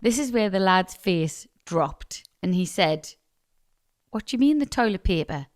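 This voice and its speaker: A woman's voice: mid-range voice, lively intonation, a little slow. A woman co-hosting a podcast, chatting casually, reading out a listener letter and laughing as she goes. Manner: giggly, teasing. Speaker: podcast co-host.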